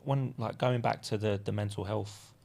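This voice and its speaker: Gravelly man, relaxed guest. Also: lowish voice, moderate pace. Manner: relaxed, laughs often, hesitant with ums. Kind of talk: casual interview.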